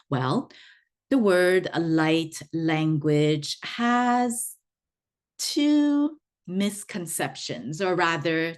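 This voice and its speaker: Unhurried woman, low voice, chatty teacher who repeats for emphasis. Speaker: spiritual teacher. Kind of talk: explanatory online talk.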